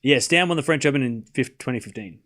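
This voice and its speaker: A man hosting a live tennis watchalong, rambling casually, answering viewer chat and calling points in quick play-by-play bursts. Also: mid-range voice, expressive, a bit bright.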